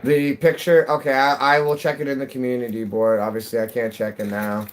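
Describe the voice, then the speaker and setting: A man's voice: mid-range voice, level tone, brisk, low-quality recording. A man live-streaming a game, chatting casually with viewers in a rambling, jokey way, his voice cracking. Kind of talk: casual live-stream chat while gaming.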